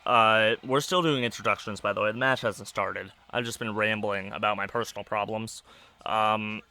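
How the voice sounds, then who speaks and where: Monotone young man rambling. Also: lowish voice, clear, resonant tone. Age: young adult. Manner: monotone, rambling with many fillers. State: stressed. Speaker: podcast host. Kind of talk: casual personal rambling over a wrestling match.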